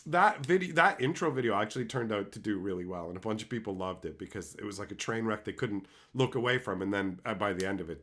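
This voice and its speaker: A man's voice: fast, hardly any pauses, fairly bright tone. A man in his thirties from Canada, chatting casually on his livestream, swearing freely and laughing often. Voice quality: swears a lot, laughs often, jumps into high squeaky voices for quotes. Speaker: streamer.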